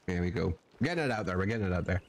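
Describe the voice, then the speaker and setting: This man's low, expressive voice races along as he streams a western roleplay in a folksy drawl, swearing, joking in character and laughing at himself. A little hiss or hum sits under the recording.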